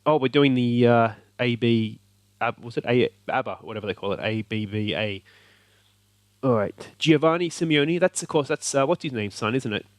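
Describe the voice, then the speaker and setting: Australian man, game commentary, excited and animated, medium pitch, dry close-miked voice. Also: moderate pace, dry recording. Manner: animated, cheering at the screen. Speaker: video game let's play host.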